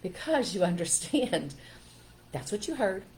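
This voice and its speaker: A woman's voice: mid-range voice, very animated, a little slow, darkish tone, a little hiss or hum, low-quality recording. A middle-aged woman from Pennsylvania hosting a casual live stream as a parenting coach, talking earnestly and greeting viewers by name. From Pennsylvania, USA.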